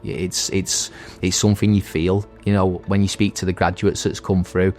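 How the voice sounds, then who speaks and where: A man in his thirties tells his own story in a deep, low voice, halting and restarting as he goes. His delivery stays even and level, with little rise and fall, and soft music plays faintly behind him. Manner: earnest, halting, with many restarts. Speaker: veteran and recovery centre graduate and staff member. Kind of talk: personal testimony.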